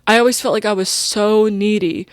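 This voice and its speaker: A young woman hosts a podcast in a casual confessional monologue, rambling in a personal, stream-of-consciousness way full of "like" and "you know." Her mid-range voice is smooth, fairly even in intonation, and moderately paced, and she comes across as emotional and openly personal. It's studio quality with no room sound.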